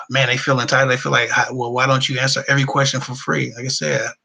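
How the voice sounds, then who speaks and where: Bright-toned casual male advice host. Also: medium pitch, rough recording. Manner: casual and conversational, with frequent fillers and loose colloquial phrasing. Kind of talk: live Q&A chat, reading viewer comments.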